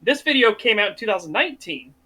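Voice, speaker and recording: Man, high voice, bright tone, blunt profane podcast talk. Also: quick pace, slightly rough. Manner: blunt, profane, animated storytelling. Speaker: podcast co-host. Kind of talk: casual chat.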